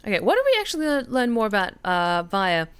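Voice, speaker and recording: An Australian woman streaming a game, giving casual commentary in an excitable, chatty way and swearing freely. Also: medium pitch, quick pace, clean tone.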